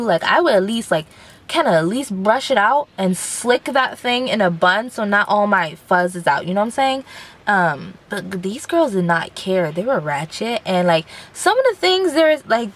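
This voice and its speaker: A woman's voice: mid-range voice, fairly bright tone. A young woman in her late teens, rambling through a casual vlog rant from inside a car, full of fillers. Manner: rambling, chatty, filler-heavy. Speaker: vlogger.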